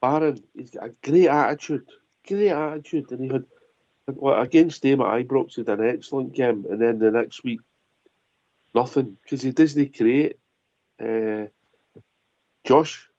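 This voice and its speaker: A man's voice: mid-range voice, measured pace, pauses often, dark tone, no room sound, dull audio. A Scottish man hosting a football phone-in, chatting casually and passing to callers. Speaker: host.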